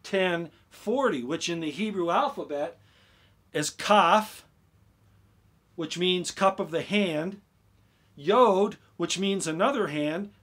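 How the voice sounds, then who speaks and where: A man explaining things on a casual YouTube live stream. He gets excited, repeats himself and keeps asking his viewers "okay?". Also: high-pitched, slow pace, long pauses, husky.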